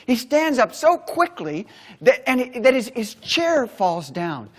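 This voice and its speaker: A man giving a motivational keynote, telling a story dramatically with long pauses. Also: very high voice, sing-song. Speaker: keynote speaker. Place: stage before a large audience.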